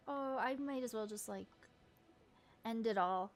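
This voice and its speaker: A woman's voice: fairly high pitch, a little slow, long pauses. A woman giving casual gameplay commentary, emotive and jokey, laughing often and swearing freely. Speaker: let's-play gamer.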